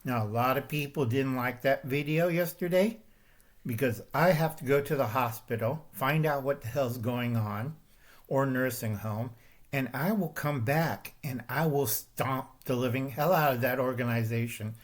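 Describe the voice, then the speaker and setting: Ranting straight to camera, an older channel host pushes his arguments confrontationally, leaning on "okay?" and "all right?" again and again. His voice is mid-range and his pace moderate.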